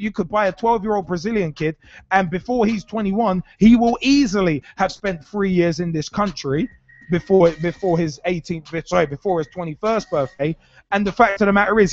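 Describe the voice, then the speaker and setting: A man hosting a live football talk show, ranting bluntly and heatedly, repeating himself as he drives his points home. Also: high voice. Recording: dull lo-fi sound with faint music.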